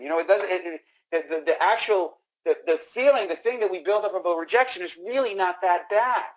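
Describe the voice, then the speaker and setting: Energetic man coaching sales calls. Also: high-pitched, rough recording. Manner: energetic, acts out sales-call dialogue, frequent restarts. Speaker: sales trainer. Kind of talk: instructional talk.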